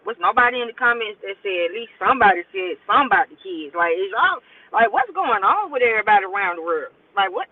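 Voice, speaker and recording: A man co-hosting a casual talk show, agreeing and laughing along with quick interjections. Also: high-pitched, lively intonation, dry recording. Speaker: podcast co-host. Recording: distant tinny phone-like line.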